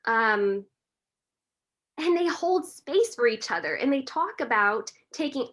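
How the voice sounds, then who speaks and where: A woman, a breathwork and meditation teacher, talking earnestly and warmly as a podcast guest in a reflective, gently spiritual way. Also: fairly high pitch, animated, moderate pace. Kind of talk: reflective conversational talk.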